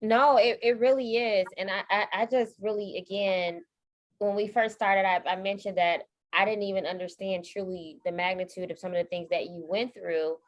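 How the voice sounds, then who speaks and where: A woman's voice: medium pitch, steady tone, normal speed, highs cut off. A woman hosting a podcast interview, affirming her guest and reflecting back on what she heard. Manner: affirming, frequent small responses. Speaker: podcast host. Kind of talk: conversational interview.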